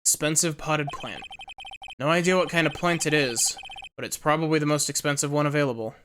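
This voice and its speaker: A woman's voice: low-pitched, a little fast, a bit bright, a little hiss or hum. A woman reading the lines of a young male defense lawyer, making dry, wry remarks, over game music. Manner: dry, wry remarks while looking around.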